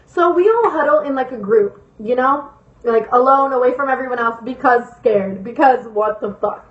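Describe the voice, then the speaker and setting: Young woman vlogger, higher voice, chatty storytime delivery, heavy swearing, lo-fi and roomy recording. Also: moderate pace. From Las Vegas, USA. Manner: rambling, swears a lot, repeats herself for emphasis. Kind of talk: casual storytime.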